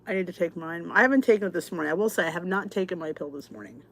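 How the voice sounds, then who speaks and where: A woman's voice: on the low side, expressive, rapid-fire, fairly bright tone, a little hiss or hum. A middle-aged American woman hosting a casual live chat, answering viewers' comments in a chatty, exasperated way with lots of restarts. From United States. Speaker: channel host.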